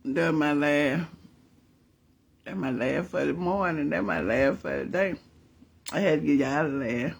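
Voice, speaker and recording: A middle-aged man, telling his viewers a family story in a chatty, animated way and calling on the Lord. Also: on the high side, measured pace, creaky, pauses often, breathy edge. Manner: animated, chatty, laughs often, calls on the Lord. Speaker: vlogger.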